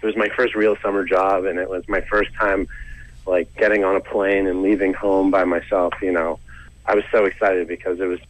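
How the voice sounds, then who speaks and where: Young man, comedian guest, low voice, dry close studio sound, self-mocking storyteller, chuckles often. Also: flat delivery, normal speed, no echo, rough recording. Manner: chatty, self-mocking, laughs between lines. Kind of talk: casual storytelling interview.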